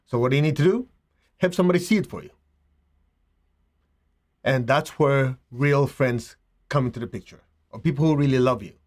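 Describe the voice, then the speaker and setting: A middle-aged man, a spiritual teacher, giving a slow, reflective talk with rhetorical asides. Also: mid-range voice, expressive.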